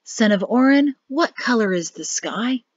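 A woman voicing a quiet, grave young man in an audiobook, speaking in soft, low, measured warnings. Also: lively intonation, no echo. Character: grim quiet young man, cryptic brother. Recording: dull lo-fi dry audio.

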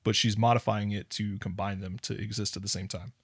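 A man co-hosting a movie podcast, calmly laying out the plot in casual chat. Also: lowish voice, fairly quick, slightly rough, dry recording, studio quality. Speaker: podcast co-host.

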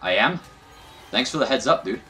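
A man's voice: medium pitch, expressive, normal speed, bright, forceful tone, faint music behind. A young man giving casual, profane, self-mocking commentary while playing a video game. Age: young adult. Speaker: gaming YouTuber. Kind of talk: let's play commentary.

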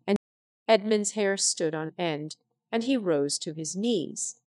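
A synthetic text-to-speech woman reading a classic novel aloud as narrator, with even delivery. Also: on the low side, slow pace, no echo.

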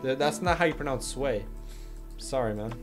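A young man chats loosely on a livestream and reads viewer messages aloud. He jokes and talks in slang, at a medium pitch. Soft music plays faintly behind him. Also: expressive, normal speed. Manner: laid-back, joking, slangy, reads chat aloud. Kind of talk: casual livestream chat.

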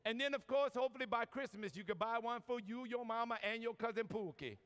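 A man's voice: extremely high pitch, fairly quick, fairly bright tone, slight background noise. A man with a New Orleans accent, a priest giving a folksy, joking talk to a large audience. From New Orleans, USA. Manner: folksy, joking, lots of y'all. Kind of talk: preaching talk with humor. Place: large convention hall. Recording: long reverb from a large hall.

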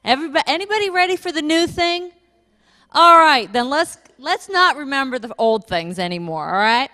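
Woman pastor, fairly high voice, lively storytelling sermon, church hall reverb. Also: moderate pace. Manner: animated storytelling, laughing at her own stories.

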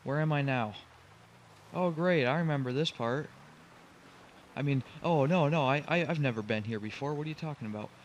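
A man's voice: medium pitch, moderate pace, long pauses, highs cut off, a little hiss or hum. A young man commenting on his own driving game run, getting frustrated, pleading with the truck and groaning at his mistakes. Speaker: gaming channel host.

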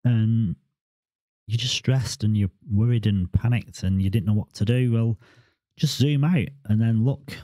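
A man's voice: on the low side, measured pace, mellow, dry recording. A man, talking to camera in a casual, rambling vlog monologue and often repeating words and restarting his sentences. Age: 40s. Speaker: crypto vlogger.

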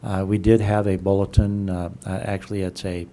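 A man with a lowish, mellow voice speaks at a city council meeting. He restarts his sentences often and leans on fillers. When pressed, he pushes back firmly. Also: flat delivery. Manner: halting, many restarts and fillers, insistent when challenged. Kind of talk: unscripted council discussion. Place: council chamber.

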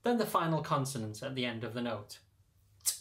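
A man who teaches choir singers, calmly explaining step by step how to read lyrics in sheet music. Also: medium pitch, quick pace. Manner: patient, methodical explaining. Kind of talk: instructional narration.

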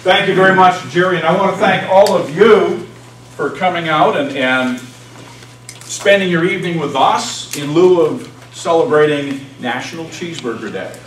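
A man's voice: on the high side, moderate pace. A man with a mid-range voice makes a playful, joking introduction as club president. He is recorded from a distance in an echoey meeting room. Background noise sits under his voice. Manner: playful, jokey.

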